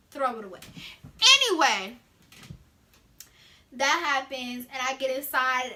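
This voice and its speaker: A teenage girl telling a story in a casual, animated way, acting out the scenes with sound effects. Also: sits high, takes it slowly, pauses often. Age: teens. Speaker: vlogger.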